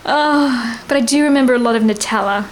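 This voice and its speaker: A woman in her thirties with a high, bright pitch, chatting as a guest and spinning a rambling anecdote. She giggles constantly between lines, with a faint hiss of noise behind her. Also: fairly quick, low-quality recording. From Australia. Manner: giggly, rambling, laughs often. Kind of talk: casual storytelling chat.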